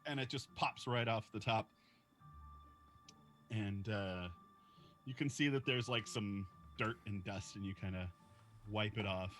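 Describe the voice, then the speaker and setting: A man's voice: lowish voice, a little slow, long pauses, fairly bright tone, faint music behind. A man narrating as game master, describing scenes in a loose, searching way.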